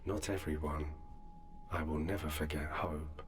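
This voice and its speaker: An actor playing a calm, steadfast man who speaks gravely in a game. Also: a bass voice, unhurried. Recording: game audio under loud music.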